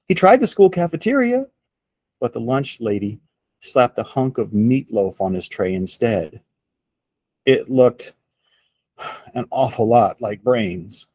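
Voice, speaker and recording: Guy reading a kids story real slow, kinda husky voice, dry close mic. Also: medium pitch, no echo. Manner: slow, expressive read-aloud. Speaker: storyteller for children. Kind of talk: reading a picture book aloud.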